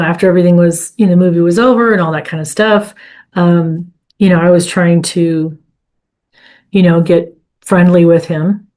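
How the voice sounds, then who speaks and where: A middle-aged woman sharing a personal faith testimony in a reflective, halting way with many fillers. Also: on the low side, a little mellow. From California. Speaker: podcast host sharing her testimony.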